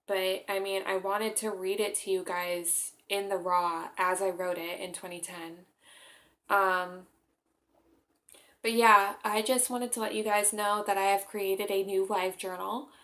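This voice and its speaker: Gravelly young woman reading aloud. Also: mid-range voice, fairly even intonation, unhurried, a bit bright. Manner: earnest, with frequent fillers in the chat. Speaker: vlogger reading her own short story. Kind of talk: reading a story aloud, then casual chat.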